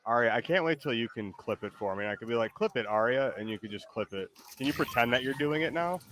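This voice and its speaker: A man's voice: medium pitch, lively intonation, fast, a bit bright, slight background noise. A man streaming a game, chatting casually in a rambling, hesitant, playful way. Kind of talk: casual chat while gaming.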